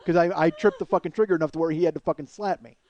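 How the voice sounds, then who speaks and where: A man hosting a comedy podcast, riffing through a profane, animated monologue. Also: fairly high pitch, very fast, lo-fi sound.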